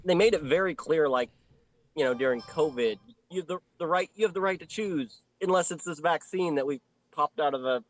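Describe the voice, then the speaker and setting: A man co-hosting a podcast, chatting casually with quick agreeing asides. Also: on the high side, dry recording, low-quality recording. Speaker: podcast co-host. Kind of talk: casual chat.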